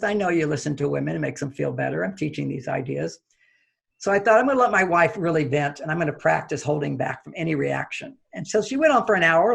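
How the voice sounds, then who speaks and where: This interview guest is a relationship author recounting something personal, his voice slightly rough with vocal fry. He plays out his own reactions through sudden jumps that go high and loud.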